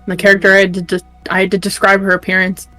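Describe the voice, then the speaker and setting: A woman's voice: mid-range voice, monotone, very fast, pushed and bright, no echo, soft background music, low-quality recording. A woman player telling a rambling anecdote in casual chat. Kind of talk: casual chat at a tabletop game.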